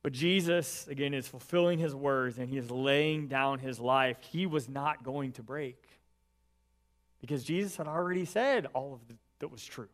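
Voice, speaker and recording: A pastor preaching a sermon and reading scripture aloud, earnest and building emphasis, often dropping in "right" as an aside. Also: male voice, medium pitch, moderate pace, fairly bright tone.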